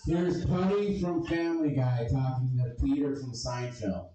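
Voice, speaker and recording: A man's voice: medium pitch, unhurried, warm tone, dull audio, soft background music. A man doing a stand-up comedy set with crude, abrasive and self-deprecating jokes. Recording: echoey room, distant mic, crowd audible.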